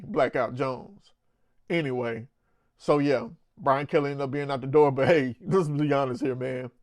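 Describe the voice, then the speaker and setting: A man's voice: medium pitch, dry recording. A man hosting his own sports show, giving blunt, opinionated casual commentary with conversational asides.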